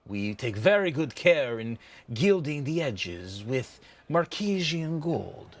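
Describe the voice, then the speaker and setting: A man voicing a smooth-talking male armor merchant who pitches his wares with salesman patter. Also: sing-song, slow pace, exaggerated voice. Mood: boastful. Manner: salesman patter, drops to a confiding hush.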